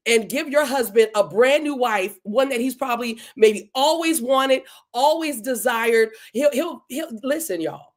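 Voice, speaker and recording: A woman hosts a live-streamed podcast, chatting with her viewers in a warm, effusive way. Her voice sits a little on the high side. She greets people by name and talks loosely and casually. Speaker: podcast host. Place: home, Delaware.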